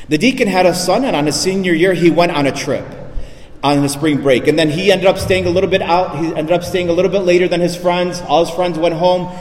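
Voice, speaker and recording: A male priest delivering an emphatic sermon, dropping his voice low and soft on key lines. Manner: emphatic preaching, drops low and soft for weight. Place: church. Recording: echoey church reverb.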